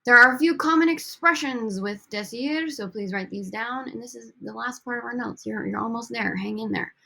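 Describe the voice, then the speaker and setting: A woman's voice: a little high, normal speed, vocal fry, bright, forceful tone. A woman teaching a recorded language lesson over slides, upbeat and coaxing as she drills students with prompts. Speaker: Spanish teacher.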